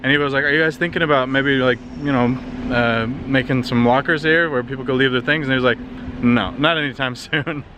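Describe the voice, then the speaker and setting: This travel vlogger, a tired Canadian man, talks a little fast in a mid-range voice with background noise around him. He's outdoors on city streets with a handheld compact camera, relaxed and rambling with plenty of fillers.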